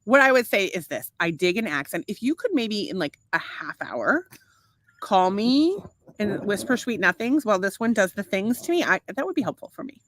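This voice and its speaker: A woman's voice: medium pitch, very animated, moderate pace, a bit bright, a little hiss or hum. A middle-aged woman co-hosting a casual podcast, telling bawdy stories with lots of laughing and swearing. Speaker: podcast co-host. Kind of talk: casual chat.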